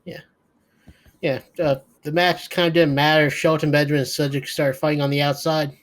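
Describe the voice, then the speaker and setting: A man's voice: a little high, flat delivery, normal speed. A man co-hosting a podcast, giving a sleepy, profane, rambling recap of a wrestling show. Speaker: podcast co-host. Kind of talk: casual wrestling recap chat.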